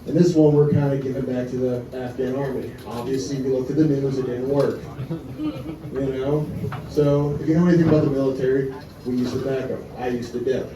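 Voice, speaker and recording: A man's voice: medium pitch, steady tone, a little fast. A young male comedian from Wisconsin working through a profane stand-up set. He is heard from a little way off in an echoey club room, with the crowd laughing around him. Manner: crude, profane storytelling with audience laughter. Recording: roomy club sound from a distance, crowd laughter.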